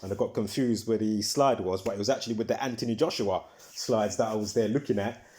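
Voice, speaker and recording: A man's voice: lowish voice, fast, warm tone. Rambling man with repetitive fillers. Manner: repetitive, filler-heavy, restarts often; heated, swears when ranting. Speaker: video host. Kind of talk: casual rambling monologue.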